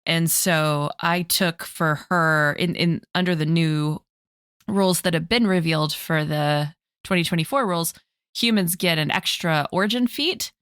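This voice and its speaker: Low-voiced woman, chatty and laughing. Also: unhurried, clear, resonant tone, no echo, studio quality. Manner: chatty, laughs often, animated storytelling. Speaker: tabletop game player. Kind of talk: casual podcast chat about a game.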